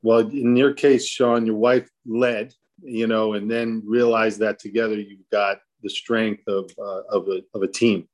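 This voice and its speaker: A man's voice: on the low side, little pitch movement, measured pace. A man moderating a live online panel of dads, talking in a loose, joking way with frequent restarts. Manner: rambling, jokey, with restarts. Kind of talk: casual panel discussion.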